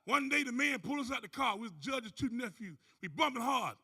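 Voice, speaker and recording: A man giving an animated motivational testimony on a conference stage. He tells his story as a storyteller, acting out other people's voices and whooping. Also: very high-pitched, brisk, slightly rough. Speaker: conference speaker. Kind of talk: motivational testimony to a live audience.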